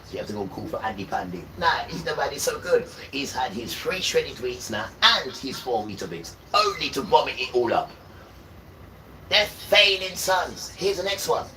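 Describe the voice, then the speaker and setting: A man delivering an impassioned spiritual monologue on a livestream, hammering points through repetition and jumping between loud outbursts and low mutters. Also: poor audio. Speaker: livestream host.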